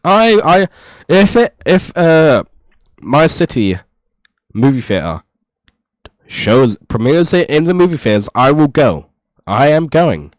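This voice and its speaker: Brief: male reaction streamer, rambling and exasperated, slow delivery, lively pitch, dry low-quality mic. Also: no room sound. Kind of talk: casual reaction commentary.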